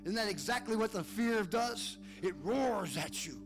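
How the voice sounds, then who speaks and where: A man's voice: sits high, animated, a little slow, music in the background. A male pastor preaching a fired-up sermon, calling on listeners by name.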